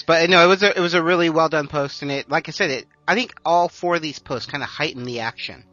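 A man's voice: fairly high pitch, quick pace, bright, forceful tone, dry recording, soft background music. A man co-hosting a podcast, talking things through at length in casual chat and laughing easily. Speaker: podcast co-host. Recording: dry, slightly dull lo-fi sound.

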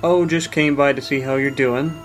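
A cheerful, supportive young man from a storybook reading, voiced by a man. He speaks in an upbeat, mid-pitched voice. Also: fairly even intonation, normal speed, soft background music, natural voice. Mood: encouraging. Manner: upbeat, encouraging. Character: friendly, encouraging young man.

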